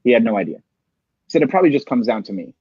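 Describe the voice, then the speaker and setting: A man's voice: mid-range voice, sing-song, fast, breathy edge, no echo. A man in an interview, giving motivational sales advice and often ending points with "right?". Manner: emphatic, rhetorical "right?" tags. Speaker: sales coach, interview guest. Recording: dry, muffled lo-fi sound.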